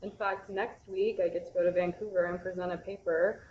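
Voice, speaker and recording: Low-voiced young woman, lo-fi. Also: little pitch movement, a little fast, a little hiss or hum. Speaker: bookseller, guest co-host. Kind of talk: casual livestream chat.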